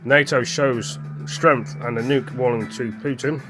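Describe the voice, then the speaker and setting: Casual vlogger man, mid pitch, stumbling reads, mouth full, faint music under. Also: steady tone, unhurried. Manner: rambling, stumbles over words, apologetic; talking with his mouth full. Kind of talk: casual commentary reading news off a screen.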